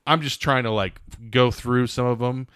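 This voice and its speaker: A man's voice: medium pitch, fairly even intonation, normal speed, a bit bright, smooth, dry recording, clean studio sound. A man co-hosting a casual news-chat podcast, wry and joking, thinking aloud with lots of fillers. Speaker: podcast co-host.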